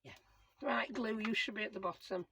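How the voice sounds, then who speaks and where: Husky-voiced woman. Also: medium pitch, a little fast, sharp tone, no room sound, poor audio. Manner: chatty, self-talking while working. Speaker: crafting channel host. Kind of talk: casual crafting commentary.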